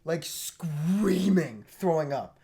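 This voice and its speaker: A young man co-hosting a podcast, telling a story in a casual, animated way and laughing as he goes. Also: on the high side, slow pace. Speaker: podcast co-host.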